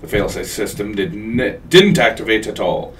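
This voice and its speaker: A man reading a game note aloud as a dying, coughing facility worker, pleading and halting. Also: on the low side, expressive, recorded from a distance. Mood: desperate.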